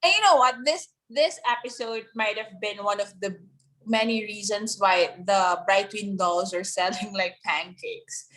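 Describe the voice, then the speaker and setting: A woman's voice: medium pitch, measured pace, fairly bright tone, low-quality recording. A woman co-hosting a podcast, chatting casually with short, chuckling reactions. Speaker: podcast co-host.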